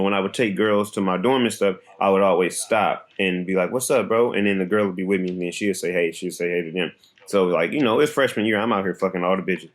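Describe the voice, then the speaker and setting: A young man co-hosting a podcast, telling a story in casual chat, animated and laughing, his voice jumping high on punchlines. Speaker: podcast co-host.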